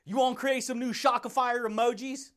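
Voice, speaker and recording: A man's voice: very high-pitched, steady tone, a little fast, fairly bright tone. A man hosting a motivational podcast, talking in a hyped, laughing monologue that keeps calling the listener dude, buddy and baby.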